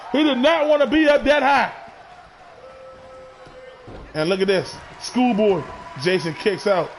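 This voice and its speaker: A man doing excitable play-by-play commentary of a wrestling match, often shouting his calls. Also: high voice, a little slow, vocal fry, faint music behind, a faint crowd.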